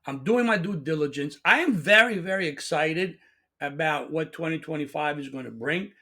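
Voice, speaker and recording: A middle-aged man hosting his own channel, giving an excitable opinion monologue full of restarts, asides and rhetorical questions. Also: a little high, moderate pace. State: coughing at times. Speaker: channel host.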